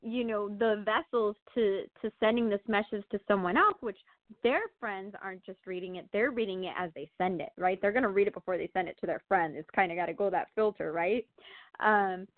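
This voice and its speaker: A chatty woman with a medium-pitched voice speaks fairly quickly over a tinny, phone-like line with no room sound. She's a guest sharing her testimony in casual conversation, animated and laughing, with lots of filler words.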